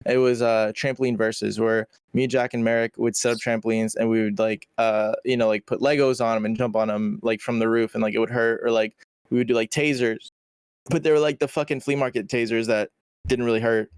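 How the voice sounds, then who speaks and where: A man's voice: mid-range voice, flat delivery, fairly quick, clear, resonant tone, no echo, studio quality. A young man as a podcast guest, telling a story in a rambling, slangy, swearing style with many restarts. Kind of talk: casual storytelling chat.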